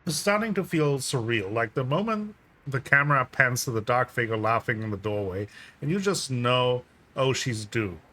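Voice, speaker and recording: A man's voice: medium pitch, animated, normal speed, bright, forceful tone. A man reading the lines of a weary, wry female cab driver in a game, in a reflective inner-monologue manner. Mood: wistful. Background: game music.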